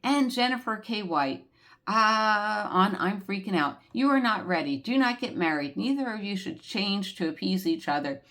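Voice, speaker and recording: A woman's voice: medium pitch, lively intonation, moderate pace, fairly bright tone. An older woman vlogger chatting casually as she reads out viewer comments, rambling with many fillers. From United States. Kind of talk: casual chat.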